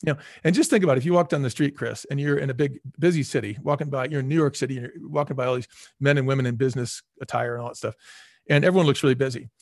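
A middle-aged man speaking as an interview guest, telling animated stories and acting out quoted dialogue with lots of fillers. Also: mid-range voice, racing, dry recording, studio quality. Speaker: guest, restaurant executive.

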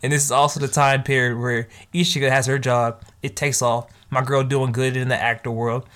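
Animated man reviewing anime. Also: medium pitch, moderate pace, smooth. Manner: animated, slangy, laughing often. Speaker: host. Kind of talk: casual anime review chat.

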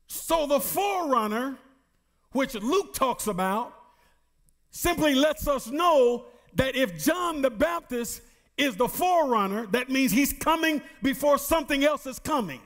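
Middle-aged pastor, male, high animated voice, deliberate preaching delivery. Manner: preaching with call-and-response questions to the congregation; reads scripture slowly with emphasis. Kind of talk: sermon.

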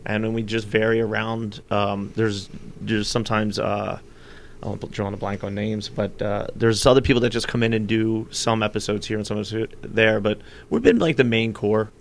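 A man chatting as an interview guest, a loud, animated storyteller. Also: fairly low pitch, normal speed, gravelly, a little hiss or hum. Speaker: guest, comedian and actor. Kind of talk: casual chat.

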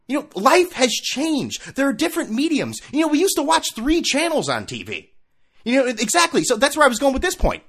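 A man's voice: sits high, a bit bright, breathy edge. A man ranting in a solo talk show, sarcastic and profane, firing off rhetorical questions. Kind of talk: solo opinion rant.

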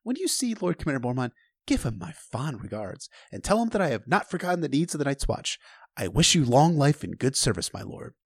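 A man's voice: a little high, very animated, brisk, husky, no echo, full character voice. A man voicing a sardonic, bitter noble lord, speaking in a dry, cutting way during a book reading.

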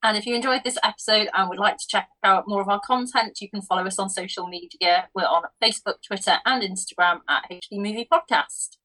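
A woman's voice: medium pitch, brisk, hardly any pauses, pushed and bright, poor audio. A woman co-hosting a film podcast, chatting cheerfully with frequent giggles. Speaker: podcast co-host. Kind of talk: casual film chat.

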